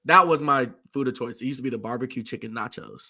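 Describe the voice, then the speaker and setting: A man whose voice is hoarse and nearly gone, chatting excitedly and laughing as a podcast co-host. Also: medium pitch, fast. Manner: excitable, laughing fan talk. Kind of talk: casual chat.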